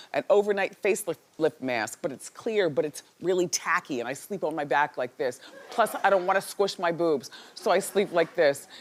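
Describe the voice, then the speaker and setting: A woman hosting a talk show, chatting candidly and playfully before running a call-in giveaway game. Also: a little high. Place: TV studio with audience.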